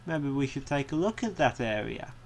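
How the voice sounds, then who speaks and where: A man talks casually over his gameplay, drifting into chatty side tangents that amuse him. His voice sits at an ordinary middle pitch. A faint hum runs underneath. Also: animated, normal speed, vocal fry. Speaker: gaming video creator. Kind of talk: casual let's-play commentary.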